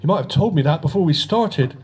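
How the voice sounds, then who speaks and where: Guy doing a panicky smart-mouthed reporter, pitched up, kinda husky. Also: animated, brisk, a little mellow. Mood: wry. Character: nervous cornered male journalist, wry.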